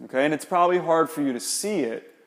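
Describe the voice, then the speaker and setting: A man's voice: fairly high pitch, lively intonation, quick pace, long reverb tail. A man, an exercise specialist, explaining and demonstrating shoulder exercises in a coaching manner.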